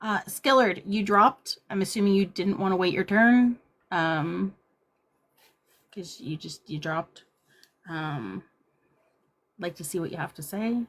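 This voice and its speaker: A woman's voice: mid-range voice, slow, long pauses. A woman hosting a casual livestream chat, upbeat and chatty, sometimes breaking into auctioneer patter. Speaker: livestream host.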